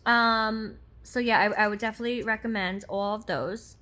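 A woman's voice: a little high, fairly even intonation, normal speed, sharp tone. A woman in her thirties co-hosting a podcast, chatting casually and bluntly, giggly and crude. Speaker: podcast co-host. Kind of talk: casual gossip chat.

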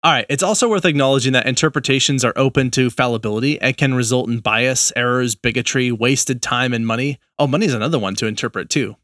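A man co-hosting a casual podcast, explaining ideas in a measured, thoughtful way. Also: medium pitch, a bit bright, no echo, studio quality. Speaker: podcast co-host.

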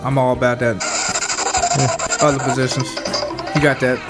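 A man's voice: mid-range voice, flat delivery, moderate pace, loud music behind the voice. A man co-hosting a podcast, bantering casually with friends and restarting his sentences often. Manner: laid-back, stammering restarts. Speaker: podcast co-host.

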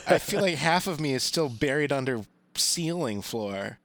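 A man playing a casual tabletop game, making deadpan jokes and laughing often. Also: mid-range voice, normal speed, no room sound. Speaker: player.

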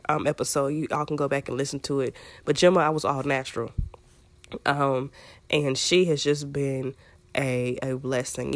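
A young woman hosting a podcast in a casual, chatty way, her voice hoarse and a little raspy from a scratchy throat. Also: low-pitched, no room sound. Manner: chatty and playful, talks straight to listeners. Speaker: podcast host. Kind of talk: casual chat.

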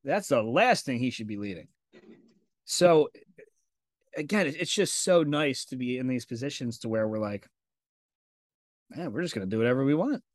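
A man's voice: mid-range voice, animated, moderate pace, pauses often, no room sound, studio quality. A man hosting a podcast in casual conversation, telling stories candidly with frequent swearing and acted-out quotes. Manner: candid and profane, acts out quoted dialogue in storytelling. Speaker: podcast host.

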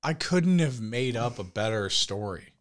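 A young man casually telling a crude story on a podcast, laughing and shouting out the lines he quotes. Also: mid-range voice, animated, unhurried. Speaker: podcast co-host.

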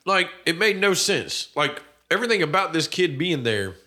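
A man co-hosting a casual movie review chat, animated and swearing constantly. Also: on the high side, normal speed. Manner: animated, swears constantly, acts out quoted characters. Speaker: podcast co-host reviewing a movie.

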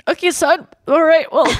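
A woman's voice: sits high, a little mellow, no room sound, studio quality. Woman reading an upbeat ad. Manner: upbeat promotional delivery. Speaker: ad reader. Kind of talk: scripted ad read.

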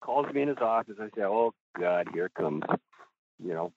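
A man's voice: fairly low pitch, lively intonation, normal speed, slight background noise. A middle-aged man, a goalie coach, telling rambling stories on a podcast with chuckles and casual swearing. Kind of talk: podcast storytelling. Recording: tinny phone-like line, dry.

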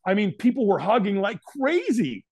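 Animated man telling a story. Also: normal speed, no room sound, studio quality. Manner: animated, acts out quotes with big pitch jumps. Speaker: interview guest. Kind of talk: storytelling in an interview.

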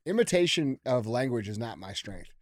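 A man's voice: mid-range voice, very animated, moderate pace, no room sound. Male co-host, blunt and profane, riffs in casual banter, dry studio mic. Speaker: podcast co-host. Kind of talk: casual podcast chat.

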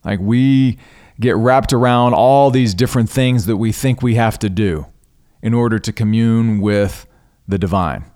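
Male podcast host, earnest and devout, slightly low voice, reflective storytelling with pauses. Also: a little mellow. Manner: earnest, unhurried, pauses and restarts mid-thought; spiritual, devout tone.

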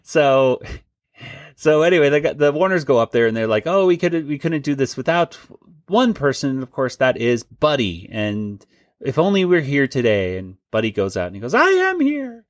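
A man's voice: medium pitch, expressive, normal speed, dry recording, studio quality. A man hosting a casual podcast chat, talking loosely and laughing often. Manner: chatty, laughs often, restarts. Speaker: podcast host.

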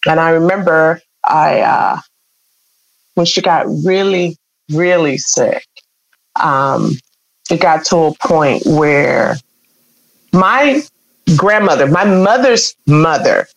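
A woman's voice: low-pitched, takes it slowly, long pauses, no echo, rough recording. Earnest woman telling a painful story. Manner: emotional, earnest, acts out quoted voices. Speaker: guest. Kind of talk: personal storytelling in an interview.

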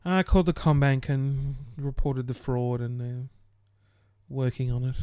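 A man's voice: mid-range voice, level tone, unhurried, warm tone, clean tone, no echo. A man venting in a casual vlog, exasperated and sweary, laughing through his frustration. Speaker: small business owner.

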